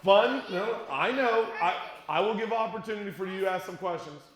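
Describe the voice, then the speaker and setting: Male youth speaker with a high voice; lively, jokey storyteller to middle schoolers, recorded in a roomy church space. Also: a little fast, a crowd in the background. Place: church conference room with an audience. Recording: echoey room.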